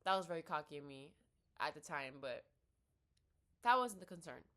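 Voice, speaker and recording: A woman's voice: low-pitched, expressive, pushed and bright. A young woman telling a story in a casual rant, blunt and swearing freely, acting out both sides of a conversation. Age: young adult. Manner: blunt, swears freely, quotes herself and others in quick dialogue. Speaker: vlogger. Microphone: laptop built-in mic.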